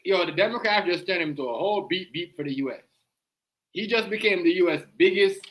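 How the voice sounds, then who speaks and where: Fast-talking and animated, a Jamaican-accented man with a high-sitting, fairly bright voice hosts a livestream. His reaction commentary is casual, slangy and emphatic, and "you know what I mean" keeps coming back around.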